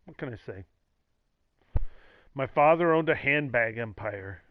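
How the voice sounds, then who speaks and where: A man's voice: mid-range voice, expressive, unhurried, no room sound. A man streaming, rambling casually with sarcastic jokes and acted-out quotes. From the Valley. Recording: dull lo-fi mic, dry.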